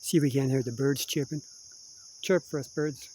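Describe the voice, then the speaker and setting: A middle-aged vlogger from Kingston, Ontario, with a Canadian accent, rambles casually while walking through a wooded patch, filming on a handheld camera. His mid-range, darkish voice is fairly even at a moderate pace, and he laughs often and says "eh." The low-quality recording carries a little hiss or hum.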